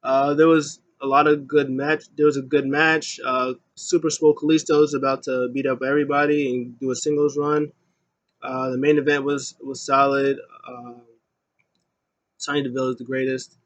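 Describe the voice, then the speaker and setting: A man giving a casual solo review of a wrestling show, rambling with many ums and getting loud when he mimics an announcer. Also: medium pitch, little pitch movement, normal speed, muffled recording.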